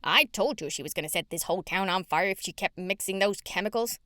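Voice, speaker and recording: A woman's voice: mid-range voice, fairly quick, no echo, studio quality, natural voice. A woman voicing a crabby old male neighbor who screams gossipy accusations in an audiobook. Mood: accusing. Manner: shouting, accusing.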